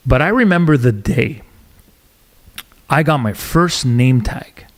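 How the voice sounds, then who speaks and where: Man, middle-aged, from Montreal, podcast host, casual interview chat, animated emphatic storytelling, mid-range pitch. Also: slow pace. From Montreal, Canada.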